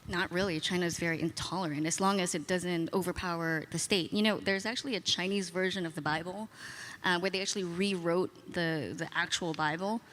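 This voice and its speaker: A woman's voice: lowish voice, steady tone, fairly quick, fairly bright tone, long reverb tail. A woman on a live panel explaining a point, hesitant with fillers.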